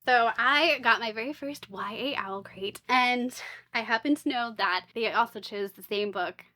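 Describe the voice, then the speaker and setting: A woman chats through a book unboxing in a quick, wry way, tossing off sarcastic jokes between descriptions. Her voice sits a little high and sounds bright and crisp. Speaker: book vlogger. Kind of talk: casual unboxing chat.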